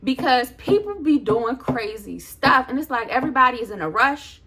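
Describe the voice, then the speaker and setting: A woman's voice: high-pitched, moderate pace, husky. A woman vlogger telling a story as a casual rant, in a sassy, sarcastic, chatty way. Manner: animated, loose and chatty.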